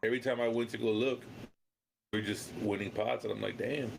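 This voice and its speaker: A man's voice: mid-range voice, steady tone, fairly quick, vocal fry, slight background noise, rough recording. A man streaming poker live, chatty and rambling as he retells hands, with fillers and restarts. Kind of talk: casual live-stream chat.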